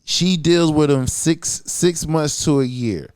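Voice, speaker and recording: A man's voice: a little high, slow, a little mellow, smooth. A man co-hosting a podcast, talking casually in a blunt, profane, emphatic way, often checking in with "you feel what I'm saying". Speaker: podcast co-host.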